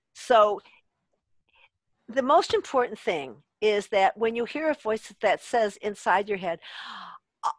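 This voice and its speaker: A woman leading a workshop on an online group call, lively and laughing as she acts out the voices she quotes. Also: medium pitch, no echo. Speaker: workshop leader. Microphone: video call.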